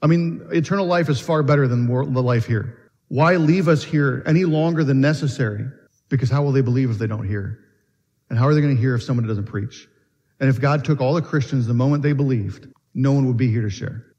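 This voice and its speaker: A man's voice: medium pitch, fairly quick, darkish tone, muffled recording. A man preaching a sermon in earnest, asking questions and often restarting his phrases. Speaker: pastor. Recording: long reverb of a church hall.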